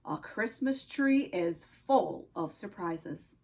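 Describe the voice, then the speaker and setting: A woman voicing a proud male Nutcracker ornament in a storybook reading, with a gruff voice, a Russian accent and a jovial, booming manner. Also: lively intonation, slow, darkish tone. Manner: jovial, booming, calls others comrade. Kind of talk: storybook read-aloud.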